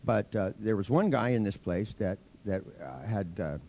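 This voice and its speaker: A man's voice: on the low side, lively intonation, normal speed, darkish tone. A man teaching a hypnosis seminar to a live audience, telling anecdotes in a blunt, profane, teasing way. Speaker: hypnosis instructor.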